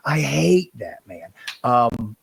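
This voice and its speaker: A man's voice: mid-range voice, sing-song, slow, vocal fry, breathy edge. A man talking in a casual interview as a professional wrestler guest, impassioned and rambling, swearing now and then.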